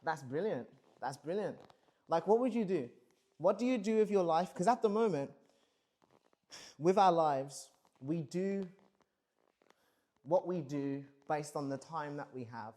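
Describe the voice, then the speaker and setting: Man in his thirties, livestream host, a touch high, swears freely while musing aloud. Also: animated, a little slow, pauses often, mellow. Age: 30s. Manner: profane, reflective, rambling. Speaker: streamer.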